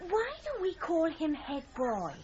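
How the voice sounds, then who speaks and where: A bubbly young British bride. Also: female voice, extremely high pitch, measured pace, full character voice. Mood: excited. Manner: bubbly, excitable. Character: eager young British bride on a colonial trek. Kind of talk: radio drama acting. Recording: muffled radio recording with noise.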